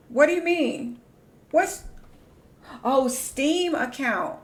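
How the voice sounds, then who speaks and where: A young woman chats casually on a live stream, gasping and squealing in excited reactions before muttering quietly to herself. Her voice is high-pitched, and she speaks very slowly with frequent pauses.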